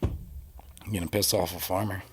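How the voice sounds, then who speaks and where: A man's voice: deep voice, steady tone, unhurried, husky. Laid-back man musing on scripture. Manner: reads scripture passages aloud, then muses and jokes. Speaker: podcast co-host. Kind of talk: casual religious discussion podcast.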